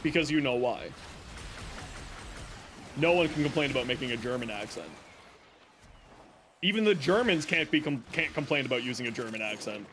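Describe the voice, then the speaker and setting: Man, game streamer, rambling self-mocking chatter, lively up-and-down voice, faint background noise. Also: mid-range voice, moderate pace, long pauses. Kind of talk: casual gaming livestream chatter.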